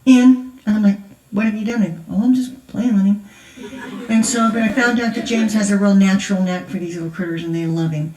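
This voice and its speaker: The recording catches crowd noise and heavy echo as an older woman speaks from a distance in a big church hall. This grandmother gives a laughing, talkative testimony at a conference, her mid-range voice fairly quick and fairly even in intonation.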